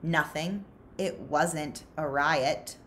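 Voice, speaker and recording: A woman voicing a timid teenage boy who speaks quietly and defensively, in a storybook reading. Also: deep voice, very slow.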